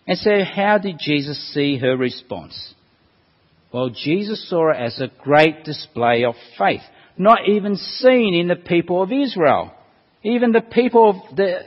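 A man preaching a sermon, animated, asking rhetorical questions. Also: fairly high pitch, husky. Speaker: pastor. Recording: dull reverberant hall.

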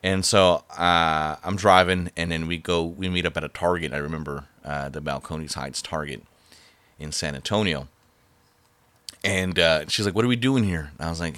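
Brief: man, very low voice, rambling casual storyteller, dry close sound. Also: pushed and bright, no echo. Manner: rambling, halting, many fillers and restarts.

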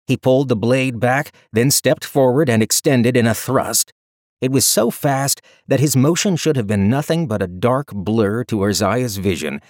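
A man narrating a fantasy audiobook in an expressive, dramatic storytelling style on a close studio mic. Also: mid-range voice, no room sound. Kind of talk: scripted narration.

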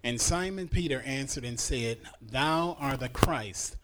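Man reading scripture slowly. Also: medium pitch, noisy background. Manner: slow, careful reading. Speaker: bible study participant reading scripture.

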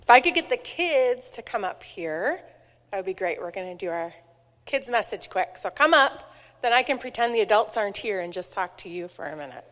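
A woman in her forties leading a church children's message, telling a story with a lively, questioning manner. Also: medium pitch, a little fast. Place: church sanctuary. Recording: long church reverb.

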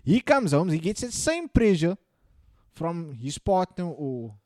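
A young man in casual podcast chat, profane and animated, breaking into sudden loud rants. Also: fairly high pitch, unhurried, dry recording, studio quality. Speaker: podcast co-host.

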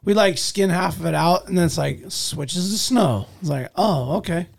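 A man telling a hunting story in casual chat, animated, acting out moments with loud and hushed swings. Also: high voice, moderate pace, gravelly.

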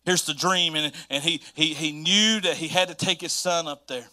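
A Southern-accented man preaches as a pastor, telling his story with animated energy and repeating key phrases. His voice sits high and sounds bright. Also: normal speed. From North Carolina, US. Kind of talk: sermon.

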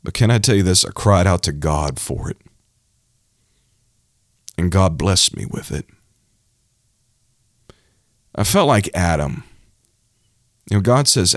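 A man's voice: low-pitched, big pitch swings, a little slow, long pauses, no echo, studio quality. A young man, a preacher, giving a personal testimony in a preaching style, emotional and emphatic, repeating phrases for effect.

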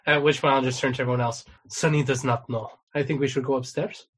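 Husky man joking at the game table. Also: mid-range voice, steady tone, quick pace, fairly bright tone. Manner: jokey, playful. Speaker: player. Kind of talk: casual tabletop game chat.

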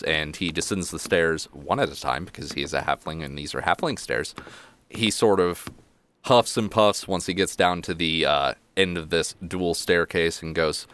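A man narrating a tabletop game as game master, describing scenes in a relaxed way. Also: low-pitched, clean tone, no echo.

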